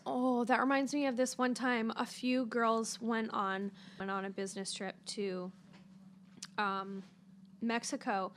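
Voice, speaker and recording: A woman's voice: fairly high pitch, fairly bright tone, a little hiss or hum. A woman co-hosting a casual movie-review podcast, chatty and full of "like" fillers, swearing now and then. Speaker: podcast co-host.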